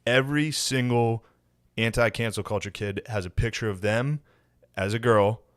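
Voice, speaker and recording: A podcast co-host with a voice on the low side and a fairly bright tone chats at a moderate pace. The clean studio sound has no room sound, and his casual comedic banter is crude and sarcastic.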